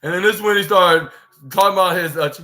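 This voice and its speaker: A man's voice: sits high, fast talker, pushed and bright. A man hosting a podcast, retelling a wrestling show in a rambling play-by-play way. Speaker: podcast host. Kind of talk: casual wrestling show recap.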